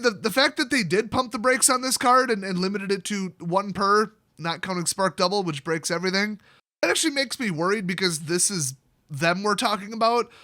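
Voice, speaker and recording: High-voiced sarcastic man ranting. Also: bright, forceful tone, dry recording, clean studio sound. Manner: sarcastic, ranting, jokey asides. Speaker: card game video host. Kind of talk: comedic card review vlog.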